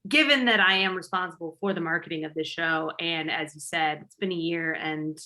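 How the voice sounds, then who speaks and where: A woman's voice: deep voice, a little fast, bright, forceful tone. A woman co-hosting a podcast in casual banter, playful and teasing, happy to mock herself. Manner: playful, teasing, self-mocking. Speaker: podcast co-host.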